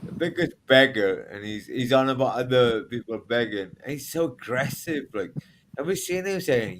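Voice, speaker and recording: A man's voice: mid-range voice, lively intonation, normal speed, a little hiss or hum, low-quality recording. A man in a casual online group chat who swears constantly, rambles and trails off. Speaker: chat participant.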